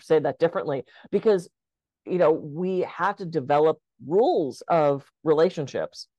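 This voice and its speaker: A woman co-hosting a casual podcast, a lively, chatty storyteller who acts out the lines she quotes. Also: deep voice, dry recording, muffled recording. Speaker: podcast co-host.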